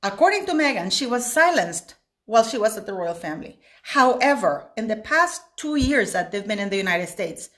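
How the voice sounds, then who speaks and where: A woman's voice: a little high, sing-song, normal speed, a bit bright. Chatty woman vlogging her opinions. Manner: chatty, rambling, opinionated, with many restarts. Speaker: vlogger commenting on celebrity news. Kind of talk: casual opinion vlog. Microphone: small video camera.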